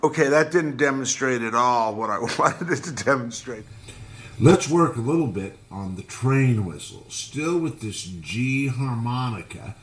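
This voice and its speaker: A man giving a relaxed harmonica lesson, explaining technique patiently between demonstrations. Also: mid-range voice. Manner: slow, patient explaining, breaks into loud sung calls. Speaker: harmonica teacher. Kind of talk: relaxed instructional talk with demonstrations. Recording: echoey room with loud harmonica playing.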